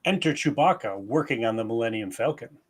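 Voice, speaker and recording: A man's voice: medium pitch, lively intonation, brisk. A man narrating stage directions at a live play reading.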